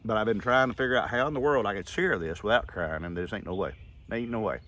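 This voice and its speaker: Folksy man, low voice. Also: quick pace, fairly bright tone. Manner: folksy, rambling, heartfelt. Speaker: vlogger. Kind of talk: casual storytelling vlog.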